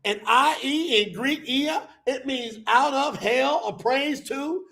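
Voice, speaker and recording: A man preaching with fire to a live audience, emphatic and colloquial, calling out to the crowd as y'all and bursting into shouts. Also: very high-pitched, takes it slowly. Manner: colloquial, addresses listeners as y'all. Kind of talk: fiery sermon to a live audience.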